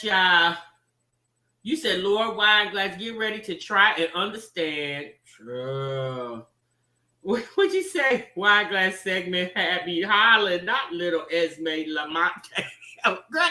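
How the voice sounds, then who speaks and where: Chatty, animated woman reaction streamer. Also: mid-range voice, reverberant. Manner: chatty, addresses viewers as y'all, teasing. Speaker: reaction channel host. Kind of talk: casual livestream commentary.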